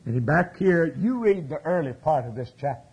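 A man preaching a fervent sermon, swinging from hushed lines to loud exclamations. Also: fairly high pitch, animated, normal speed, breathy edge, low-quality recording.

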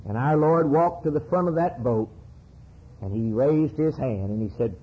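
A man preaching a sermon with fervent, rhythmic delivery and sweeping rises and falls in pitch. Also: normal speed, a little hiss or hum. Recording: dull lo-fi sermon recording.

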